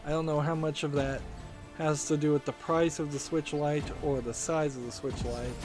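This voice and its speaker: A man's voice: fairly high pitch, steady tone, normal speed. A man hosting a let's-play, giving casual commentary while thinking aloud with lots of fillers. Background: game music.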